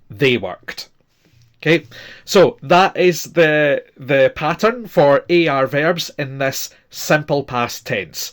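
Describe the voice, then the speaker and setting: A man's voice: mid-range voice, slow. A man teaching a recorded language lesson, patiently repeating forms and spelling them out letter by letter.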